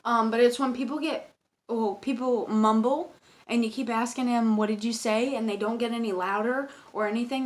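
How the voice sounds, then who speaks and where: A young woman who works as a cashier, ranting casually and profanely about customers with exasperated emphasis. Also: on the high side. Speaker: convenience store cashier.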